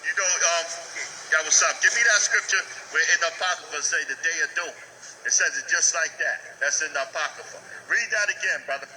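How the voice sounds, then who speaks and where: A man preaches in a high, bright, cutting voice. He leads a call-and-response, demanding readings and repeating each line with urgency. Faint noise sits underneath. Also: fairly quick, low-quality recording. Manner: forceful, calls for scripture readings, repeats lines back with "come on". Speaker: street preacher.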